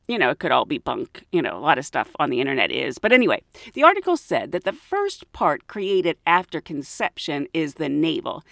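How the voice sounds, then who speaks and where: A woman who works as a flight attendant tells a funny work story as a podcast host, animated and laughing often. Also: mid-range voice, creaky, no room sound, studio quality. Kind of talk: casual storytelling chat.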